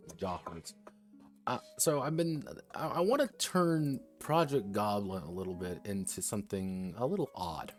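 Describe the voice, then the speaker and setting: A man's voice: fairly low pitch, a little mellow. A man streaming a casual talk about tabletop game design, rambling and digressive as he thinks aloud. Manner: rambling and digressive, slips into quoted voices.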